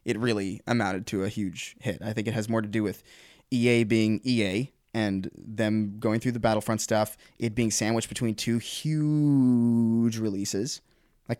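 A man's voice: mid-range voice, a little mellow, dry recording, studio quality. Hesitant man chatting on a podcast. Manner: conversational, hesitant, many restarts. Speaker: podcast co-host. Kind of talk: casual podcast chat.

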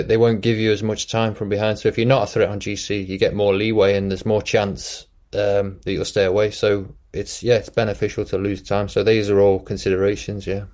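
A man's voice: on the low side, a little mellow. A man, a guest on a podcast and a former breakaway rider, thinking aloud in a casual chat, often repeating himself.

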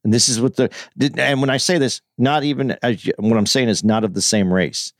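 A man's voice: medium pitch, a little fast, dry recording, studio quality. A man hosting a casual talk show, earnestly explaining his views and often restarting his sentences. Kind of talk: casual chat.

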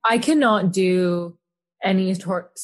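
A young woman as a guest in a casual chat, talking loosely with many fillers and trailing off quietly. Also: mid-range voice, slow. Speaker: podcast guest.

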